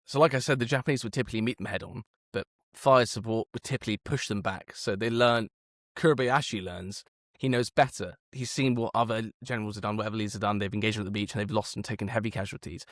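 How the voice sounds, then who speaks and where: A man co-hosting a casual history podcast, telling the story in an animated way, swearing now and then and slowing down for emphasis. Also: lowish voice, no echo, studio quality.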